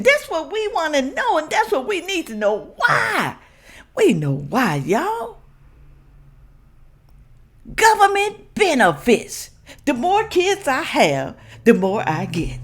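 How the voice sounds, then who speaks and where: A woman from Memphis hosts a reaction video. Her commentary is blunt and animated, and she talks straight to her viewers. Her voice sits a little high and swings widely in pitch. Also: slow pace. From Memphis, Tennessee. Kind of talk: casual commentary.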